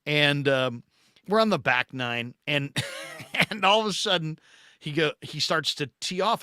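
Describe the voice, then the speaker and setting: A middle-aged man hosting a casual chat, telling a story in an animated way and acting out the voices in it. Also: a little high, unhurried, smooth, dry recording, clean studio sound. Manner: animated storyteller who acts out the voices in his anecdotes. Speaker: podcast host.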